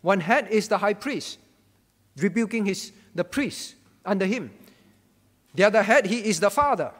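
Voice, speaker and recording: A man's voice: high-pitched, lively intonation, normal speed, a bit bright, long reverb tail. A man preaching a sermon as pastor, emphatic, repeating his key phrases and putting questions to the congregation. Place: church.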